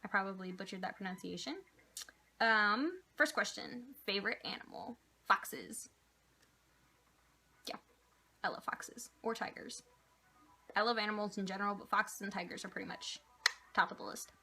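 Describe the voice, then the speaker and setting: Young female vlogger, bright tone, chatty and rambling, casual Q&A delivery. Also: medium pitch, normal speed, long pauses. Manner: chatty, rambling, with many "like" and "um" fillers. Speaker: vlogger answering viewer questions. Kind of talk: casual chat.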